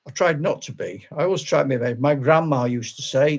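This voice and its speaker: A man's voice: fairly high pitch, fairly quick, vocal fry. An older retired man, a channel host, chatting casually on a live stream, rambling with restarts and laughing often.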